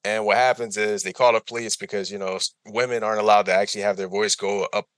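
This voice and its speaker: A man's voice: lowish voice, level tone, fast talker, a bit bright, no echo. A man co-hosting a podcast in casual chat, rambling and repeating himself, laughing often. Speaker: podcast co-host. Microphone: remote recording.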